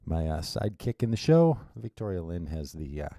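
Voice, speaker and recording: A man's voice: sits low, very animated, normal speed, vocal fry, dark tone, no room sound. A man hosting his radio show alone, chatting casually and rambling with wry asides and restarts into a studio mic. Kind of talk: casual solo radio monologue.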